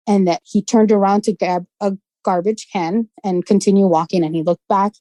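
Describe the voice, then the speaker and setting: This West London woman, a guest storyteller, relates a childhood ghost story casually and with animation, performing the voices of the people she quotes. Her mid-range voice keeps a moderate pace with few pauses. The audio has no echo but is low quality.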